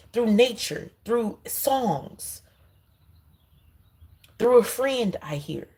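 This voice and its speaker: Gravelly-voiced woman giving a card reading. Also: medium pitch, darkish tone, low-quality recording. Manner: emphatic, repetitive, talks straight to viewers. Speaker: intuitive card reader. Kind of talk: spiritual card reading monologue.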